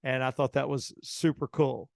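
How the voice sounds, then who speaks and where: A middle-aged man, hosting a radio show and telling an anecdote in a casual, animated way, acting out the dialogue. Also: medium pitch, normal speed, creaky, no room sound, clean studio sound. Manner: animated anecdote teller, acts out quoted dialogue. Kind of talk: casual storytelling.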